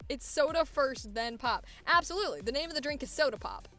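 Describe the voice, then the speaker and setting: A woman voice actor hosting, chatting casually in a rambling way, laughing often and filling pauses. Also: sits high, lively intonation, sharp tone, faint music behind. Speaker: voice actor host. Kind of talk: casual chat.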